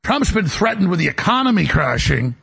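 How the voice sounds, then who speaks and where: A man hosting a talk show, delivering a rambling, emphatic monologue in a gravelly, raspy voice. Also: sits high, sing-song, fairly quick, a bit bright. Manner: emphatic, boastful, jumps between topics.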